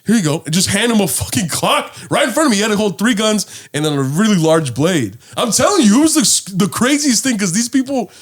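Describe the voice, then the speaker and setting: Male podcast co-host, swears a lot while animatedly telling stories, pitched slightly high. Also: fairly quick, few pauses. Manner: animated storyteller, acts out quotes, swears freely. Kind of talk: casual chat.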